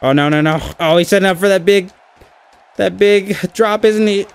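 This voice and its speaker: A young man giving excitable live commentary over a wrestling video game, cheering and groaning at every move. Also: high-pitched, moderate pace, vocal fry, clean tone. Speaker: gaming channel host.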